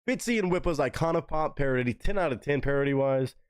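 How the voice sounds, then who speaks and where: A man from Texas hosting a live music reaction, talking excitably and swearing freely. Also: fast talker, smooth, dry recording. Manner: excitable, swears freely, big swings in pitch.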